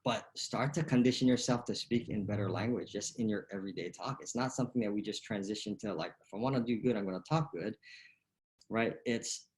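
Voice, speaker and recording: Man, lower voice, golf coach giving a relaxed motivational talk, loose and conversational. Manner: casual, lots of fillers and "right?" tags.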